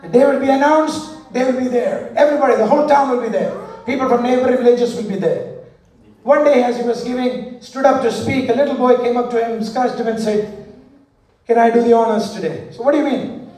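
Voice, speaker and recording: A man's voice: extremely high pitch, a little fast, a little mellow. A man preaching a sermon, leading the congregation in call-and-response and telling stories. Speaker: pastor. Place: large church hall. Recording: echoey hall, voice from far off.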